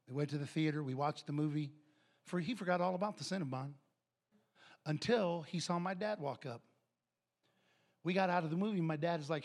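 A middle-aged man preaching a sermon, animated and telling family stories. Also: fairly high pitch, a little fast, long pauses. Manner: animated, acts out family members' voices. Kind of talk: sermon with storytelling.

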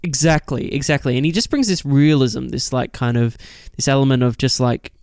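A man's voice: medium pitch, a little fast, darkish tone, dry recording, clean studio sound. A man co-hosting a casual film podcast, talking with enthusiasm and many fillers and restarts.

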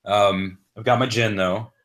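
A man with a lowish voice trades crude, profane jokes on a casual podcast. He is in his thirties and tells rambling anecdotes, breaking into laughter often. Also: steady tone, a little slow, fairly bright tone. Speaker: podcast co-host.

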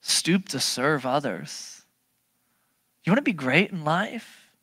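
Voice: slow pace, husky, no room sound. Emphatic preacher with a dry sound. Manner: animated, emphatic, asks many rhetorical questions; swings from loud bursts to low, quiet passages. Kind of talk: sermon.

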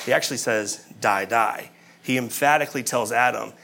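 A man's voice: mid-range voice, normal speed, creaky, sharp tone. A man preaching a sermon, talking conversationally and asking his listeners questions.

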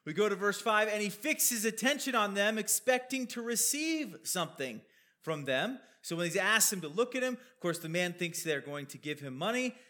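A man's voice: sits high, lively intonation, moderate pace, sharp tone. A man preaching a sermon, explaining a Bible passage over slides in a conversational way, with questions and asides.

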